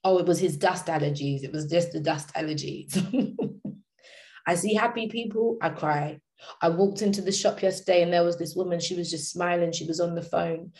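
A woman with a slightly low voice gives an inspirational talk. She speaks with passion, drops casual slang, and hammers each point home by repeating it. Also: fairly even intonation, normal speed, a little mellow.

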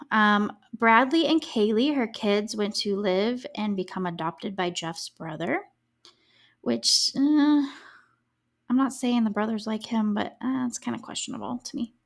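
A woman's voice: mid-range voice, measured pace, creaky, fairly bright tone. A young woman hosting a true crime podcast, chatting casually and reacting to the case with sarcastic asides. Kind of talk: casual solo podcast chat.

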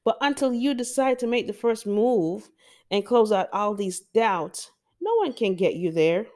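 A woman's voice: medium pitch, animated, measured pace, warm tone. A Jamaican woman hosting a motivational podcast, talking straight to her listeners in an emphatic, encouraging way. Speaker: podcast host.

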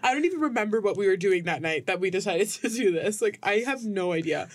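A young woman in her twenties, co-hosting a casual chat and telling a funny story, talking fast with lots of "like" and laughing often. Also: mid-range voice, animated. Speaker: podcast co-host.

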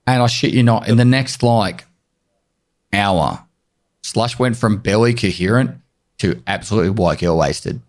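A man co-hosting a casual podcast, telling animated stories and swearing freely. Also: fairly low pitch, moderate pace. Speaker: podcast co-host.

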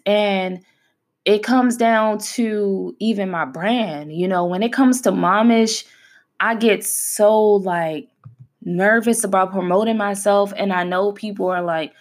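A woman's voice: medium pitch, slow pace. A woman in her thirties hosting a podcast, talking candidly and from the heart in a casual, conversational way and stressing her points by repeating them. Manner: conversational and heartfelt, with emphatic repetition. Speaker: podcast host. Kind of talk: candid personal talk.

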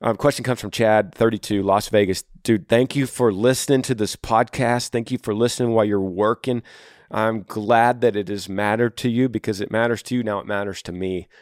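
A man with a low voice hosts an advice podcast, speaking earnestly and encouragingly to a listener. He repeats his key points for emphasis. The sound is dry and close, recorded at a studio microphone. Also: steady tone, fairly quick, dry recording. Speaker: podcast host.

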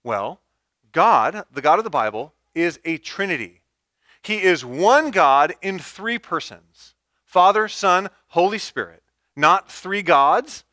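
A man's voice: high-pitched, pushed and bright, dry recording, studio quality. A man preaching a sermon, stepping through numbered points and repeating key phrases for emphasis. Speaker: pastor.

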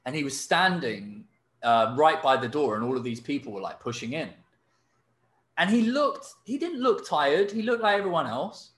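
A man's voice: fairly high pitch, moderate pace, roomy sound. A man hosting a podcast, telling a story casually with lots of fillers. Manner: animated storyteller, many fillers and laughs. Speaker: podcast host. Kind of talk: casual chat.

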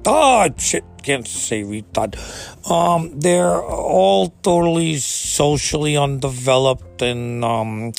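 A man's voice: mid-range voice, gravelly. A man delivering a profane, exasperated comedic rant, swearing freely and climbing into outbursts. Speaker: ranting commentator.

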